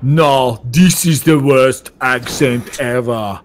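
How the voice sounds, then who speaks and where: A man's voice: medium pitch, slow, slight background noise. A man joking around, drawing out his words in an exaggerated silly voice. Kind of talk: joking about in a silly put-on voice.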